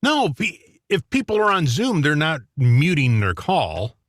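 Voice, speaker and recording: A man co-hosting a casual radio talk show, opinionated and quick to chuckle. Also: on the high side, wildly swooping pitch, fairly bright tone, no echo, studio quality.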